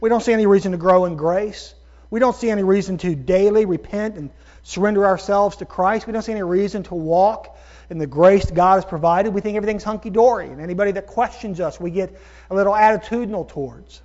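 A man with a high, light voice preaches with emphatic, drawn-out stresses, addressing his congregation as folks. The recording sounds dull and lo-fi. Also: a little mellow. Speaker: pastor. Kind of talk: sermon.

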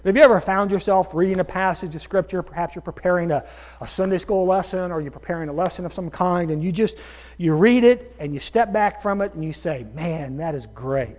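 A man's voice: high voice, darkish tone, lo-fi sound. A male pastor preaching a sermon, calling his listeners folks and stretching out key words for emphasis. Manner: emphatic preaching with slow drawn-out stresses.

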